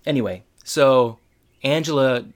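A man co-hosting a relaxed podcast, recapping an episode with his partner. His voice sits at an ordinary middle pitch. He keeps up playful, teasing jokes as he talks. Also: a little slow. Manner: joking and teasing, playful asides. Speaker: podcast co-host. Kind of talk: casual chat recapping a TV episode.

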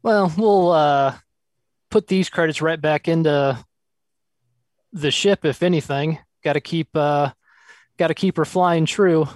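A man's voice: fairly high pitch, steady tone, measured pace, long pauses, no room sound. Dry-sounding man playing a tabletop game. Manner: casual, slips into character lines. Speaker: player.

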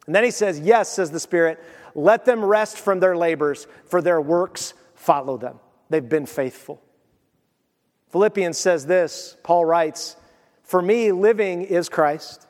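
A man with a fairly high voice delivers a sermon as pastor. He tells stories with animation, slipping into the voices of the people he quotes. The sound carries a long reverb, as in a large church hall.

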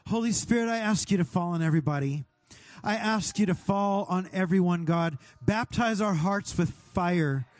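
A pastor leading a fervent prayer over his congregation, speaking directly to God and sometimes rising to a shout. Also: high voice, normal speed, no room sound. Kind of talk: sermon prayer.

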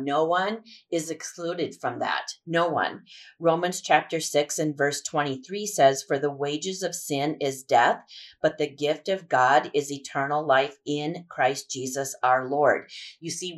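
A woman's voice: deep voice, takes it slowly. A woman hosting a devotional podcast, teaching about salvation in an earnest, reflective way with frequent restarts. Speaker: podcast host.

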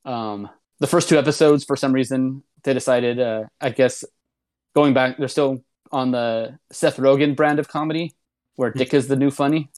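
In a relaxed conversation, a male podcast co-host reviewing a comedy show goes on at length, meandering, restarting and peppering his speech with "um" and "like". He speaks at a normal speed in a steady, mid-range, slightly mellow voice.

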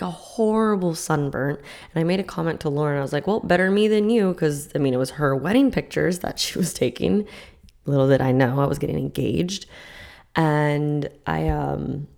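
Low gravelly-voiced young woman gushing. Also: moderate pace. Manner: gushing, excited, lots of "like" fillers. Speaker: podcast host. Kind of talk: casual personal storytelling.

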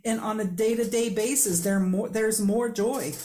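A woman's voice: medium pitch, steady tone, normal speed, dark tone. Upbeat woman hosting a podcast. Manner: upbeat, chatty, laughs often. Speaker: podcast host. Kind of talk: casual interview chat.

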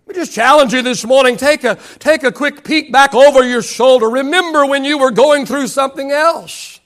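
High-pitched preaching man, bright voice. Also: normal speed, hardly any pauses. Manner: impassioned preaching, repeats phrases, lines trail off quietly. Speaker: pastor. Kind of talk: sermon.

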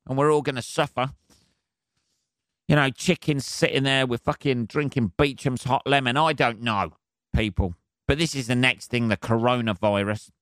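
A man's voice: medium pitch, a bit bright, no echo, clean studio sound. A man hosting his own podcast, ranting alone in a sarcastic, rambling, heavily swearing way. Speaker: podcast host. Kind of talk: solo comedic rant.

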